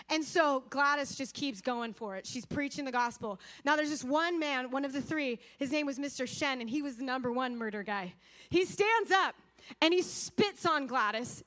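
A woman preaching a sermon, telling a story with energy, acting out quotes and speaking straight to her audience. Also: high-pitched. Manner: lively, acts out quotes, addresses audience directly.

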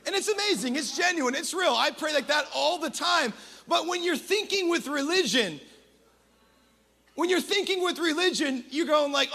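High, gravelly, bright-voiced preacher man. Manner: energetic, humorous, conversational preaching with quick asides. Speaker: pastor. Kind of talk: sermon.

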